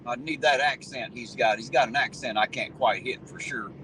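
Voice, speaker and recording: A man's voice: mid-range voice, moderate pace, noisy background. Folksy middle-aged man. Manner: folksy, rambling, reminiscing. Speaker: livestream host reading chat. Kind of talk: casual chat.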